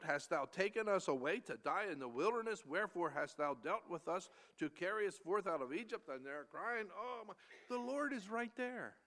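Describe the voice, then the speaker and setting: A man delivers a verse-by-verse sermon, his voice sitting a little high for a man. His pitch leaps and falls with great liveliness as he moves between loud, emphatic lines and hushed, almost whispered asides. Scripture passages come slow and measured, in a stately old-fashioned cadence. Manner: reads verses in slow King James cadence. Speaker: preacher. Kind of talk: expository sermon reading scripture.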